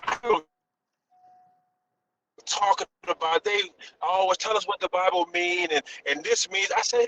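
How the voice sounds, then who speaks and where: A man in a casual group discussion, talking in a rambling, halting way with many restarts and emphatic bursts. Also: sits high, pushed and bright, lo-fi sound, a little hiss or hum. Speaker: discussion panelist.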